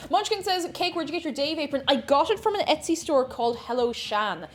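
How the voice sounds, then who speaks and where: A woman's voice: high-pitched, expressive, normal speed, slight background noise. A woman, a variety streamer chatting casually with her chat while she bakes, greeting viewers by name and laughing often.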